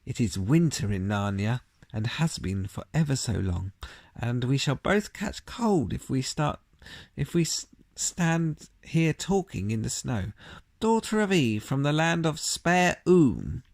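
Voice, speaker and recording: A man's voice: mid-range voice, sing-song, a little slow, vocal fry, dry recording, full character voice. A man voicing a polite, nervous male faun who speaks courteously and exclaims easily, in a storybook reading. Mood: fussy polite.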